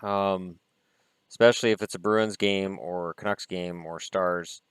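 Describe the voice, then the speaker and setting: Low-voiced guy rambling through a card-opening vlog, opinionated, swears a bit, dry close sound. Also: steady tone, a little slow, smooth, dry recording. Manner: chatty and opinionated, with mild swearing. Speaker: hockey vlogger.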